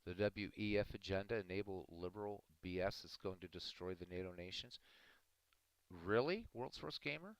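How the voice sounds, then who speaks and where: Male streamer, very low voice, dry close mic, earnest and argumentative with viewers. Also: normal speed, clear, resonant tone, no room sound, rough recording. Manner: earnest, argumentative, addressing chat by name. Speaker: livestream host talking to chat. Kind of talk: casual live-stream commentary.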